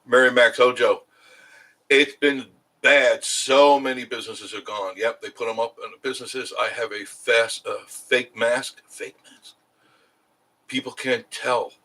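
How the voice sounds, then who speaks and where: A man's voice: mid-range voice, fairly even intonation, unhurried, bright, forceful tone, rough recording. A middle-aged man hosting a casual live stream, rambling and chuckling as he answers viewer comments.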